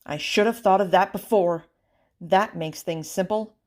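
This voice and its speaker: A man's voice: high-pitched, a little slow. A woman playing a fretful, bossy storybook king. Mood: commanding. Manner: bossy then flustered, loud exclamations. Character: fretful, commanding king, middle-aged man. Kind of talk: storybook read-aloud.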